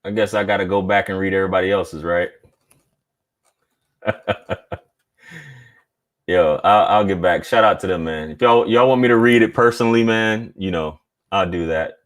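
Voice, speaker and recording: A man's voice: sits low, moderate pace, long pauses. A man hosting a casual live stream, talking in a laid-back, slangy way and reading viewer chats aloud.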